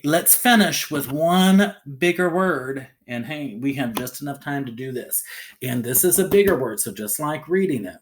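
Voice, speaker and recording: A man's voice: medium pitch, a little hiss or hum. A man teaching a phonics lesson to young learners, sounding out letters one by one and checking in with a rising "okay?".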